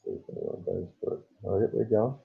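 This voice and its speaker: A man's voice: low voice, huge pitch swings, fast, creaky, husky. An Australian man chatting casually with viewers on a live stream, trading joking, matey banter. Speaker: coin hunting channel host. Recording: tinny phone-like sound.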